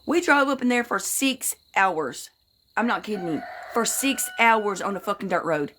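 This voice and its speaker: A woman's voice: medium pitch, animated, moderate pace, a bit bright, a little hiss or hum. Folksy, cussing woman chatting on a livestream. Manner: folksy, swears casually, greets viewers by name; tells rambling anecdotes. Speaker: livestream host. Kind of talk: casual livestream chat with viewers.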